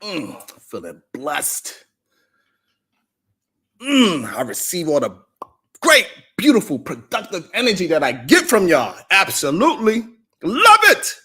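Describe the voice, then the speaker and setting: A man hosting a podcast, delivering a mocking roast monologue that swings from loud shouts to low mutters. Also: huge pitch swings, unhurried, husky. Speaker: podcast host.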